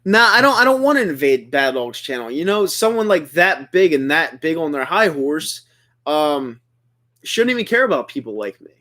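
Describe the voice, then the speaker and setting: A man doing live play-by-play from his own stream, with a pitch that leaps up and down as he gets worked up. He swears freely and rants hotly, then drops back into plain game calls. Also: moderate pace. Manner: heated, profane ranting; animated, swinging between calm calls and loud outbursts. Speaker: livestream play-by-play commentator. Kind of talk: live play-by-play with ranting reaction.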